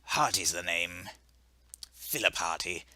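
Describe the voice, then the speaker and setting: A man voicing a curt, gruff middle-aged male caretaker in a game, speaking low and terse. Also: slow pace, pushed and bright, dry recording, heavily acted.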